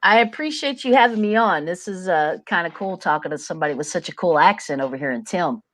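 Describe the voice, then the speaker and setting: A woman's voice: fairly low pitch, expressive, quick pace. A woman guest on a podcast, talking in a laid-back, plain-spoken, folksy way. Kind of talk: casual chat.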